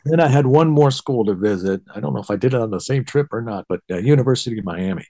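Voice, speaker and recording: A middle-aged man from Detroit, a bassist guest in a casual interview, telling stories and acting out past dialogue. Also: fast talker. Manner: animated, acts out past dialogue in higher voice.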